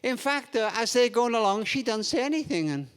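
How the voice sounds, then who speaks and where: A man's voice: very high-pitched, lively intonation, fairly quick, a bit bright, clear, resonant tone. An older man giving a parenting talk, telling anecdotes with playful humour and acting out the people in them. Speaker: parenting speaker. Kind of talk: storytelling seminar talk. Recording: long reverb of a large hall.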